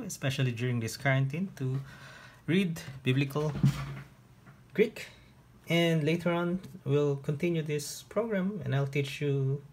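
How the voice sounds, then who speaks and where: Slow, patient male teacher. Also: fairly high pitch. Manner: patient, step-by-step explaining with pauses. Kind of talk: online lesson on reading biblical Greek.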